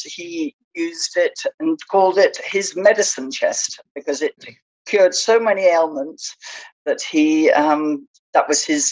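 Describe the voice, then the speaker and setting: A woman guest speaks in a studio interview with a low voice. She talks slowly and unhurriedly, pausing often with ums as she gathers her thoughts. Her manner stays hesitant. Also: low-quality recording. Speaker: guest, small-business founder. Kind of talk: interview conversation.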